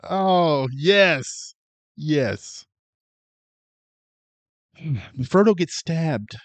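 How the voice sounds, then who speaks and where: A man's voice: a little high, expressive, very slow, no room sound. A man co-hosting a podcast, chatting casually about a movie in an easygoing way and mostly giving short, agreeing replies. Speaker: podcast co-host. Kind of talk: casual movie review chat.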